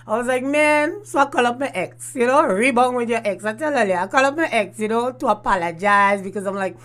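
Animated woman host. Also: a little high, a little fast. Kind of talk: casual storytelling vlog.

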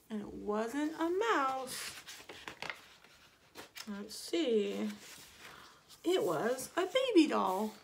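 A woman reads a picture book to children at an unhurried pace, her voice rising and falling a great deal. She keeps it playful, stopping to ask them questions and making the sound effects herself. Her voice sits a little high. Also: sing-song, vocal fry, a little hiss or hum. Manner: asides and small corrections while reading. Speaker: children's story reader.

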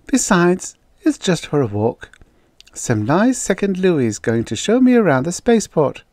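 A man's voice: sits high, big pitch swings, measured pace, darkish tone, dry recording, voice pushed up. Man doing a flirty blonde beauty contestant. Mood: teasing. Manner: breezy, teasing.

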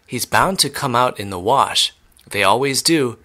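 Guy doing a high excited eccentric candy maker, bright voice, all exclamations. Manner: exclamatory, hurried and gleeful.

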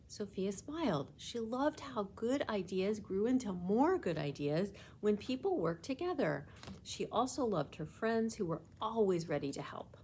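Librarian narrator: a woman reading a children's chapter book aloud, gentle and clear. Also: medium pitch, very animated, unhurried, a little hiss or hum.

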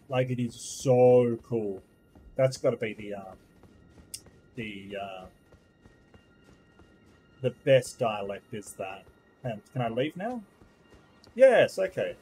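A man's voice: medium pitch, mellow, slight background noise, poor audio. Chatty male let's-play streamer. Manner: chatty, rambling, easily distracted. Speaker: gaming streamer. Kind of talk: casual let's-play commentary.

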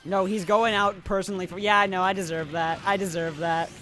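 A man's voice: sits high, flat delivery, fairly quick, pushed and bright. A young man streaming a video game, chatting casually with viewers, playfully salty and laughing often. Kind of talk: casual live game commentary. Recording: faint background music.

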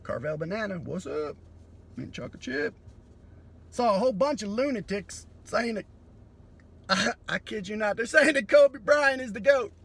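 Guy doing a sweary standup rant, kinda high pitched and husky, deadpan then yelling. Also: normal speed. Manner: profane, sardonic rant with sudden loud bursts. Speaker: comedian. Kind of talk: comedy monologue.

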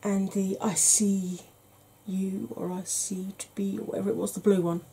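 A woman hosting a soft-spoken ASMR makeup tutorial, chatty and explanatory, sometimes dropping into a whisper. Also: mid-range voice, little pitch movement, moderate pace, breathy edge, low-quality recording.

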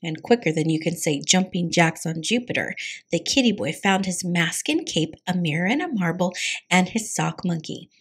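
A woman reading a picture book aloud for a preschool storytime, with an expressive, dramatic storyteller's delivery. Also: lowish voice, normal speed, slightly rough. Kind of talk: children's read-aloud.

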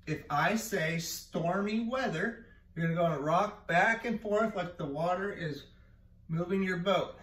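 A man's voice: sits high, normal speed, fairly bright tone. A man teaching a PE class, explaining a game and calling out commands in a playful way. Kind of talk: leading a gym class game. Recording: echoey room, mic far off.

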